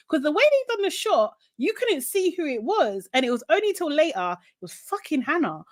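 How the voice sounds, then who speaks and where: A woman co-hosting a podcast, recapping a TV show in animated casual chat, quoting people and swearing. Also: extremely high pitch, fairly quick, dry recording. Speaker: podcast co-host.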